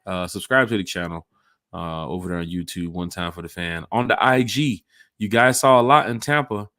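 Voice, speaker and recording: A man hosting a casual sports podcast, talking in an animated way that jumps between hype and jokes. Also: low voice, moderate pace, dry recording, studio quality. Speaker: podcast host.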